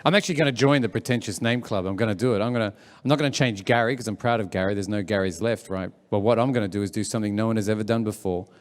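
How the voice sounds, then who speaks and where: A man's voice: lowish voice, very fast, hardly any pauses, big-room sound. A man hosting an event as a comedian, chatty and teasing the crowd live. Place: live event room with audience.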